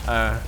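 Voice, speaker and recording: A man streaming and chatting casually with viewers, often in low, mumbled asides. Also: background noise.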